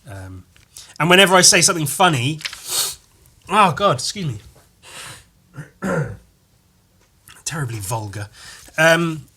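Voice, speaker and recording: Bright and forceful, this man's mid-range voice carries a solo comedy podcast. He wanders through a story, constantly revising details and dropping crude jokes along the way.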